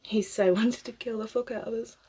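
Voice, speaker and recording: A woman's voice: on the high side, fairly even intonation, a little fast, mellow, slightly rough. A British woman in her thirties chatting casually as she styles a wig, rambling, swearing freely and laughing often. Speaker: cosplayer. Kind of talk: casual chat while styling a wig.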